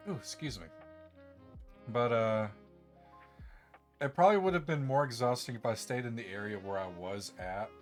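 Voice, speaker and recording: A man's voice: mid-range voice, normal speed, pauses often, soft background music. Rambling man chatting on a live stream. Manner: rambling, relaxed, with laughs and filler restarts. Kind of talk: casual live-stream chat.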